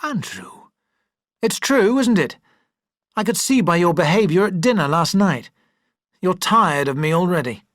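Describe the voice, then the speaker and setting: A warm young wife from an old novel, her voice lifted high and lilting, as an audiobook reader puts her on. The reading is close and dry, with no room sound. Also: animated, a little slow, pauses often, dry recording. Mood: hurt. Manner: raised, lilting pitch for her lines. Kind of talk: audiobook character voice.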